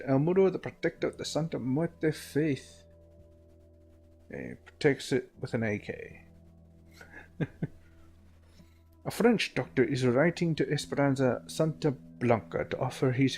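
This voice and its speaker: A man's voice: mid-range voice, a little mellow. A man hosting a game let's play, joking and laughing as he reads in-game documents aloud. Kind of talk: casual gameplay commentary, reading in-game documents.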